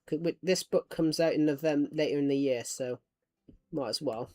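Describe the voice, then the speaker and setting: A man's voice: on the high side, warm tone, no room sound, clean studio sound. A young man chatting casually while playing a game and reading aloud, playful and rambling with frequent restarts. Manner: playful, rambling, quick to laugh. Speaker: gaming streamer and author.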